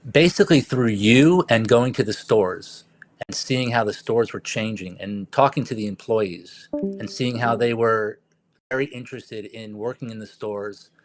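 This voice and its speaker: A man's voice: on the low side, unhurried, faint music behind. A man guest in a casual investing chat, recalling his experience in a rambling way with many fillers. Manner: rambling, filler-heavy recollection.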